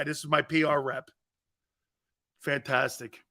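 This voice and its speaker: Male sports-talk host, brash and rambling, slightly high pitch, bright punchy tone. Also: fairly even intonation, measured pace. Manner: brash, rambling, jumps into loud outbursts; laughs at his own jokes. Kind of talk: sports talk rant with storytelling.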